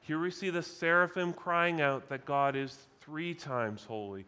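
A man preaching a sermon in a measured, emphatic way, slowing down to stress key words. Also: on the high side, pushed and bright, clean tone.

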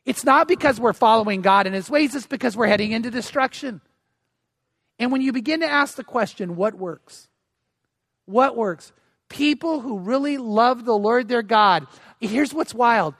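A man's voice: extremely high pitch, moderate pace, a bit bright, no room sound, clean studio sound. An older man preaching a sermon as pastor, earnest and emphatic, often repeating words as he restarts.

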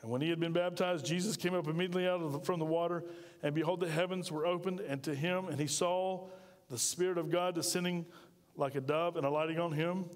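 A pastor preaches in a high, ringing voice, folksy and emphatic, tossing questions out to his congregation. His words trail off into the long reverb of a church sanctuary. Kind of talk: sermon.

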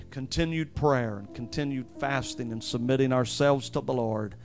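A pastor with a mid-range voice preaches a sermon, reading scripture slowly with strong emphasis and calling on the congregation for amens.

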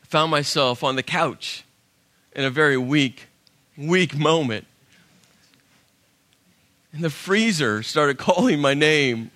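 Male pastor, high bright voice, animated sermon storyteller. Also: takes it slowly, long pauses. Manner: animated storyteller, acts out his own inner dialogue.

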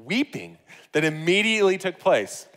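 A man in his thirties preaches from the pulpit, telling a story with animated energy and the odd laugh. His voice sits a little high for a man. The sound carries a long reverb. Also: normal speed. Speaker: pastor. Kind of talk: sermon.

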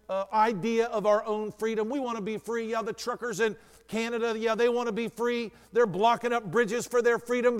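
A male pastor preaching a sermon. He tells stories and builds up to emphatic declarations. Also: high voice. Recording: long reverb of a large room.

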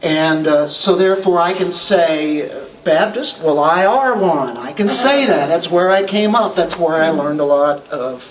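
A man's voice: a little high, measured pace, hardly any pauses, distant mic, a crowd in the background, poor audio. A man preaching an expository sermon as pastor, plain-spoken and emphatic, asking rhetorical questions.

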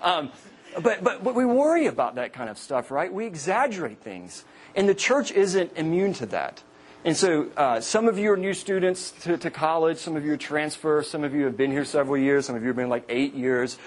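Husky man, campus minister, joking sermon to students, slightly high voice. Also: normal speed. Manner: joking storyteller, animated quoted voices.

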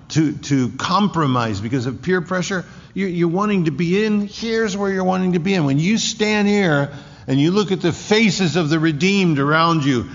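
Gravelly-voiced man preaching an emphatic sermon. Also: a little high. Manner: emphatic, repeating key words. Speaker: pastor. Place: church sanctuary. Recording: dull lo-fi recording in a reverberant hall.

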